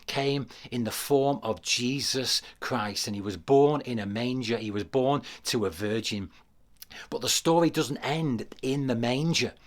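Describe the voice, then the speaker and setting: A man preaching to a camera in a mid-pitched voice. He repeats his key phrases and builds to loud, emphatic declarations. The delivery is that of a livestreamed sermon. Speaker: pastor. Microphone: speaking to a camera.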